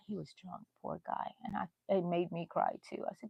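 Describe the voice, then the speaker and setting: A woman's voice: fairly low pitch, fairly even intonation, moderate pace, creaky, pauses often, no echo, muffled recording. A woman, chatting in a rambling way to viewers of her crochet livestream from a bedroom at home. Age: 60s. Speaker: crochet channel host. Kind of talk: casual livestream chat.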